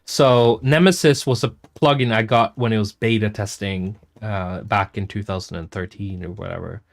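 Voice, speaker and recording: A man's voice: lowish voice, steady tone, normal speed, creaky, soft background music. A man hosting a casual livestream, reading out and answering chat comments in a rambling, self-interrupting way with casual swearing. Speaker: music producer hosting a chat stream.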